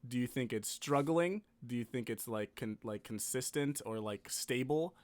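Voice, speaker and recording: A man hosting a casual podcast, asking questions excitably with many fillers. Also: mid-range voice, normal speed. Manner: excitable, uses lots of fillers. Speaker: podcast host.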